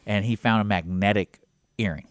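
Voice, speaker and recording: A man's voice: on the low side, normal speed, clear, resonant tone, no echo, studio quality. A man co-hosting a radio talk show, telling childhood stories and acting out family members' lines in a casual chat. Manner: animated storyteller who acts out family quotes. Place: radio studio.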